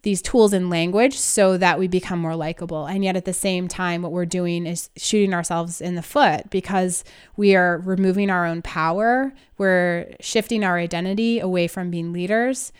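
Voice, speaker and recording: A woman's voice: fairly low pitch, fairly even intonation, moderate pace, smooth. A woman co-hosting a podcast, talking in a casual, emphatic way and laughing through her frustration. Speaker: podcast co-host. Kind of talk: casual conversational podcast chat.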